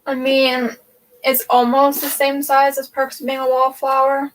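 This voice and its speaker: Her high voice is completely flat and unhurried as this young booktube host rambles aloud, peppering her thoughts with "like" and "um" while rearranging shelves during a casual livestream. The setting is a bookshelf-lined room at home, captured by a distant mic with faint background noise.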